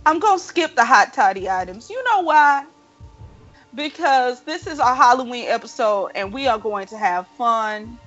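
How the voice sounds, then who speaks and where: Playful, animated woman podcast host. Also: a little high, moderate pace, muffled recording, faint music behind. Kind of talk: casual chat.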